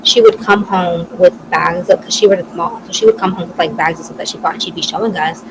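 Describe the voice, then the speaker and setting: A woman's voice: fairly low pitch, steady tone, quick pace. A woman in her twenties telling a personal story on a casual podcast chat, talking loosely with lots of "like" and the odd swear word. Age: 20s. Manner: chatty, peppered with "like", swears freely. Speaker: podcast co-host. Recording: noisy background hiss.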